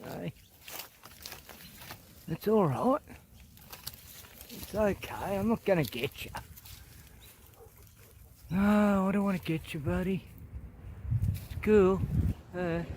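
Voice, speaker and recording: An Australian man with a high voice speaks slowly and gently, coaxing wildlife while he films outdoors. Faint outdoor noise sits behind him. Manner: coaxing, chatty talk to animals. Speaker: wildlife vlogger. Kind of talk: casual outdoor commentary. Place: outdoors in bushland.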